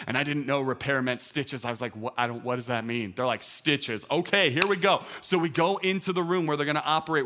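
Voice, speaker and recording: A man's voice: on the high side, sharp tone. A teaching pastor in his thirties giving a conversational sermon, telling a personal story with lots of restarts and "like".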